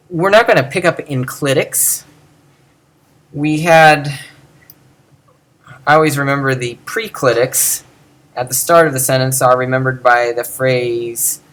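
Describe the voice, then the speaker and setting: Man lecturing with animated pitch swings. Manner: animated, thinking aloud with restarts, demonstrating pronunciation. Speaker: teacher of Ancient Greek. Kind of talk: informal video lecture.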